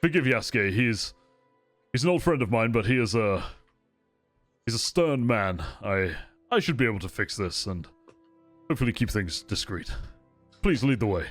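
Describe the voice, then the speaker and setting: A man doing a courtly young noble with a lively, rising voice and a gracious, formal way of speaking. Every line sounds polished and eager to please, like a prince at a ball, heard in a dry, close-up tabletop game recording. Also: fairly low pitch, moderate pace, long pauses, no room sound, faint music behind, lightly acted. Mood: courteous.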